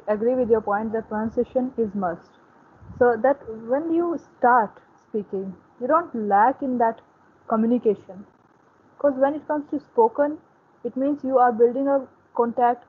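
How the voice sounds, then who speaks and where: A woman's voice: on the high side, normal speed, breathy edge. A Hindi-speaking woman from Uttar Pradesh with an Indian accent, earnestly explaining her views step by step over a video call. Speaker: English learner in group discussion. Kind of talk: casual discussion. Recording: tinny phone-like call audio.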